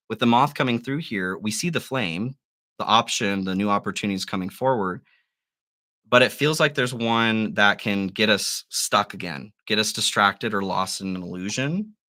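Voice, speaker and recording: A man with a bright, forceful tone hosts a live tarot stream. He muses over each card aloud and encourages his listeners gently. His voice sits on the lower side. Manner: musing, gently encouraging, with soft laughs. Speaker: tarot reader.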